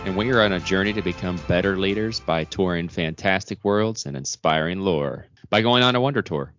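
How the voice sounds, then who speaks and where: A man co-hosting a podcast in easy, casual chat, circling his points with fillers and restarts. His voice is very low and sits dry and close in a dull, lo-fi recording. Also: fairly quick, a bit bright, dry recording, faint music behind. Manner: rambling, many fillers and restarts. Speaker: podcast co-host.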